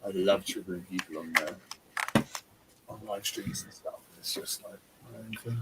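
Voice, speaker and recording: A man's voice: low voice, unhurried, very noisy. A man co-hosting a live stream, bantering casually and chatting about everyday family matters. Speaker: livestream co-host.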